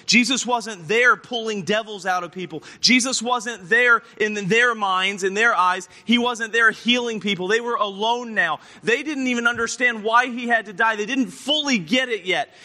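Bright, high-voiced preacher telling a story. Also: male voice. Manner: animated, acts out the scripture scenes. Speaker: pastor. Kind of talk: storytelling sermon.

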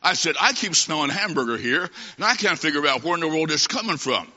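A man preaching a humorous sermon, telling a comic story and acting out the dialogue with lively timing. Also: on the high side, fast. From half Italian. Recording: dull recording in a long-echoing hall.

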